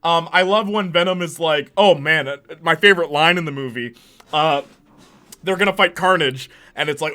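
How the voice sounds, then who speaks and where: A man hosting a casual movie ranking, excitable and slangy, laughing often as he talks. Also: a little high, normal speed. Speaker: host.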